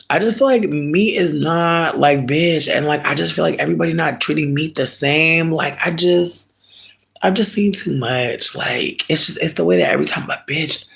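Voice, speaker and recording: A man chatting casually with viewers, ranting in an animated, emphatic, comic way and often stretching words slowly for effect. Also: a little high, vocal fry. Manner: profane, drawn-out slow emphasis. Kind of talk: casual chat.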